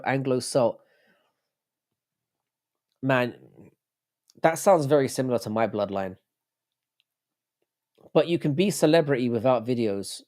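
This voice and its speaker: A man's voice: medium pitch, a little mellow. A man hosting a livestream, rambling, swearing and joking with his chat. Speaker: livestream host.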